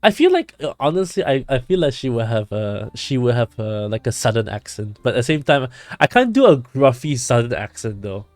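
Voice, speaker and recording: A man's voice: medium pitch, sing-song, a little fast, hardly any pauses, no room sound. A man streaming a game live, joking and riffing casually as he reads along. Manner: jokey, laughs and riffs while reading a game.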